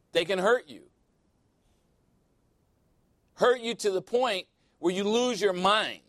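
Animated pastor man, lively sermon. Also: on the high side, no echo. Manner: animated storytelling, quotes people in voices, laughs often.

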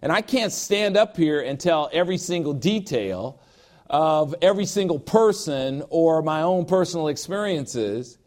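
A pastor preaching a sermon in an emphatic, emotional way, with personal asides and repeated phrases. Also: male voice, on the high side, animated, unhurried, darkish tone.

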